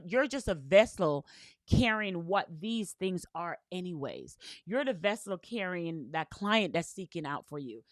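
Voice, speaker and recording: A woman's voice: lowish voice, dry recording. A woman business coach giving an earnest motivational talk, telling stories with repeated "right?" and spiritual language. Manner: earnest, repetitive storytelling with frequent "right?"; uses faith and spiritual language.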